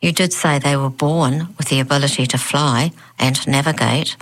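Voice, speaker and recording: A woman's voice: extremely low pitch, steady tone, normal speed, low-quality recording. A woman voicing an eager, eccentric male professor who pleads and cheers. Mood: pleading. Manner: pleading, jubilant.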